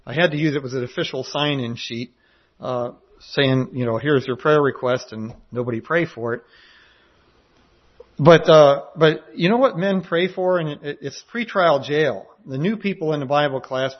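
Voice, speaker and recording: A man's voice: a little high, moderate pace. Man preaching, conversational, lo-fi sound. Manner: conversational, repeats words often. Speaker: preacher and jail chaplain. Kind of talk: sermon. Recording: dull lo-fi recording.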